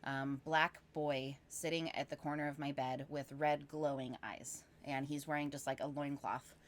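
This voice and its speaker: A woman guest on a podcast, telling a long personal story casually, animated and rambling with lots of fillers. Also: low-pitched, moderate pace, a little hiss or hum.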